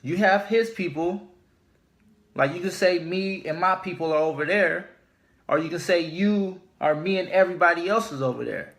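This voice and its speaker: A man teaching scripture informally, speaking deliberately and repeating his key points for emphasis. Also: high voice, a bit bright. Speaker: religious teacher.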